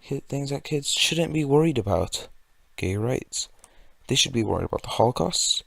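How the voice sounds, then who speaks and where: A man's voice: mid-range voice, expressive, normal speed, gravelly, no room sound. A young man from California giving a sarcastic, rambling commentary rant. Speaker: video commentator. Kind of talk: ranting commentary.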